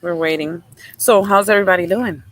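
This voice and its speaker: A bright, crisp-toned woman hosts a casual live stream from outdoors by a lake, talking into her phone. She is chatty and upbeat and keeps greeting viewers by name. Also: on the low side, fairly quick, low-quality recording. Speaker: live show host.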